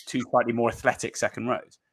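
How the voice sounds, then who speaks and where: A man's voice: medium pitch, level tone, fast talker, a bit bright, slightly rough. A man hosting a casual rugby podcast, chatty and prompting his guests with questions, often restarting his sentences. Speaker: podcast host.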